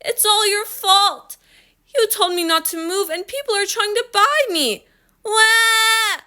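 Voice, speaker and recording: A woman's voice: fairly high pitch, normal speed, pushed and bright, clear, resonant tone. A woman reading aloud and voicing a pouty little girl who whines and insists. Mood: wailing. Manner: whiny and insistent.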